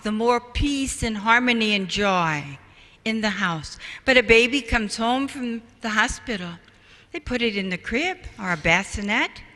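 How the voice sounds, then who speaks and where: Unhurried man lecturing in a hall. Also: sits high. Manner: animated storytelling, slow and deliberate. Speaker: speaker. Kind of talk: public talk on parenting. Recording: echoey hall, distant mic.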